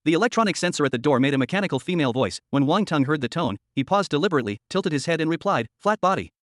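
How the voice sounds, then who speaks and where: Male recap narrator: brisk, slightly high voice, close and dry. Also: expressive, no room sound. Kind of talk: scripted story narration.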